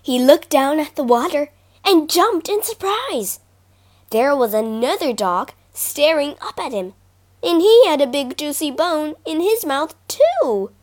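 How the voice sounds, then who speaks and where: A woman reading children's fables aloud as a storyteller, expressive and animated. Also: high voice, a little slow.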